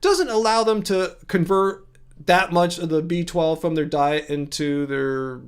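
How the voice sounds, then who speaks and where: A man's voice: on the high side, unhurried, smooth. A man hosting a casual livestream, chatting, laughing often and answering viewers in the chat. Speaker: livestream host.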